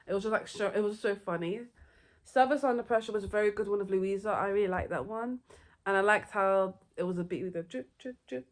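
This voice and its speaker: A young woman, chatting excitedly and rambling through her favourite movies in a casual vlog. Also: medium pitch. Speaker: vlogger. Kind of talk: casual movie review chat.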